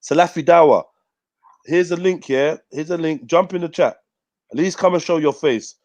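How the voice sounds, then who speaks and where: A man's voice: fairly high pitch, normal speed, darkish tone, dry recording. A man hosting a live stream, talking bluntly with lots of swearing and street slang. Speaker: host of a live news talk stream. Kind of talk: casual livestream rant.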